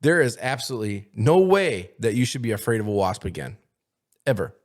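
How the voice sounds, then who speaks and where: A man's voice: fairly low pitch, big pitch swings, a little fast. A man co-hosting a podcast in casual chat, teasing his friend with pushy banter. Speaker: podcast co-host.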